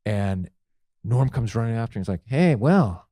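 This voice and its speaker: Animated man telling anecdotes. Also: on the low side, fairly quick, dry recording. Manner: animated, acts out quotes. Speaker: guest.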